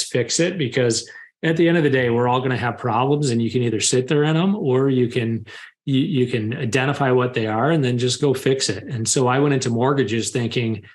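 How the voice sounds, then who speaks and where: A man in his thirties, a podcast guest, openly telling a personal story and getting animated as he retells scenes. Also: mid-range voice. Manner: open, confessional, animated when retelling scenes. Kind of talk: candid storytelling.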